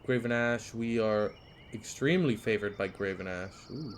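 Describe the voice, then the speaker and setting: A man's voice: on the low side, moderate pace, a little hiss or hum. A man streaming a game live, musing casually over choices and swearing now and then.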